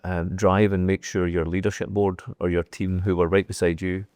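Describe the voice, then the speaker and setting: A man's voice: low-pitched, little pitch movement, moderate pace, darkish tone, no room sound. A man hosting a podcast, asking follow-up questions and reacting briefly. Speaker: podcast host. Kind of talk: casual interview chat.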